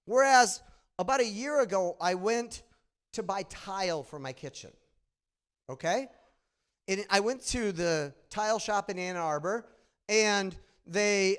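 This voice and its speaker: A middle-aged man with a nasal Midwestern accent gives an animated conference talk, telling stories and asking the audience questions. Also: high voice, a little slow. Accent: Midwestern American. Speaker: conference presenter. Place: conference room.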